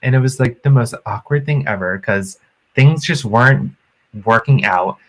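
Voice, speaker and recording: Animated man telling a story. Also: mid-range voice, normal speed. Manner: animated, acts out quotes in raised voices. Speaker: podcast co-host. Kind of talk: casual storytelling chat.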